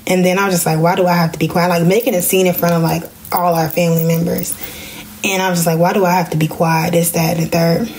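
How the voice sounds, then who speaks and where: A young woman, telling a personal story in a casual podcast vlog and jumping into high voices when she quotes people. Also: level tone, fast talker, a little mellow, slight background noise. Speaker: podcast host.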